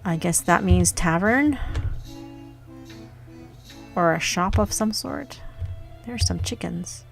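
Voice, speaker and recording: A young woman talks through a farming game in a low, relaxed register, thinking aloud as she plays. Her voice has a gravelly, fried edge, with soft game music faintly behind. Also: slow pace. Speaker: gaming youtuber. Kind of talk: casual gameplay commentary.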